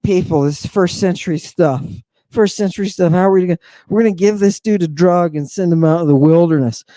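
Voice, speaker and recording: A man giving an informal slide lecture in an emphatic, teasing way, pausing for rhetorical questions and asking "right?" again and again. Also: high voice, dark tone, no echo, clean studio sound. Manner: teasing, addresses the audience directly.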